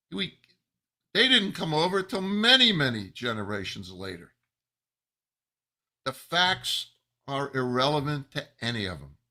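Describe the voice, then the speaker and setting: Slow angry man ranting. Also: on the high side, bright, forceful tone. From United States. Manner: angry, emphatic, slow, rising to outbursts. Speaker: rabbi. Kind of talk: angry commentary monologue. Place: New Jersey.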